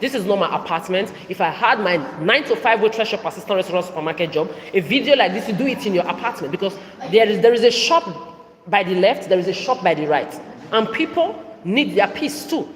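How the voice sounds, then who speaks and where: A woman's voice: mid-range voice, lively intonation, fairly quick. Heated woman in an echoey hall. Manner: confrontational, repetitive, rising into outbursts. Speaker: vlogger. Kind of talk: heated self-recorded video update. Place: indoor public hall with shops on each side. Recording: echoey big indoor hall.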